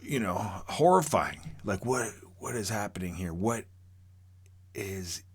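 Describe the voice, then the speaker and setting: A man's voice: fairly low pitch, expressive, slow, husky. A man telling a true story from his own life in a casual, rambling, profane way, full of fillers and restarts.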